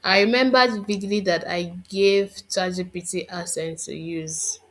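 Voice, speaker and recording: A woman's voice: lowish voice, fairly even intonation, unhurried. A woman instructor giving a screen-recorded tutorial, thinking aloud and muttering to herself as she works.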